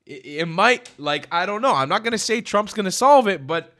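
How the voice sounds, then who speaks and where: A man hosting a reaction vlog, talking bluntly with lots of swearing and emphasis, swinging from loud outbursts to quiet asides. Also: sits high, lively intonation, moderate pace. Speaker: reaction video host. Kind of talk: casual opinionated commentary. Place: lives in Israel.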